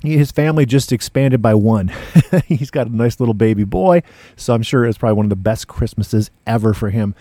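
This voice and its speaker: A man's voice: mid-range voice, a little fast, dark tone, no room sound, clean studio sound. A man hosting a music show as DJ, chatting casually between records in laid-back hipster slang. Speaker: radio DJ and podcast host.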